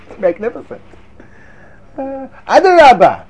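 A man giving a lively Torah class to students, sarcastic and quick to laugh at his own points. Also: very high voice, slight background noise. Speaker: Torah teacher.

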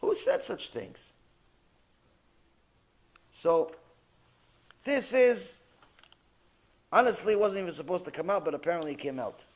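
A rabbi giving a Torah lecture, animated and acting out the quotes he tells. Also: high voice, normal speed, pauses often. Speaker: rabbi teaching.

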